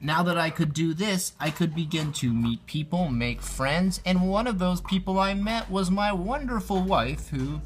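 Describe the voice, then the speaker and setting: Man in his thirties, playful life-story narration, lively swooping pitch, slow unhurried delivery, faint music behind. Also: a little hiss or hum. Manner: goofy, animated, with silly sound effects.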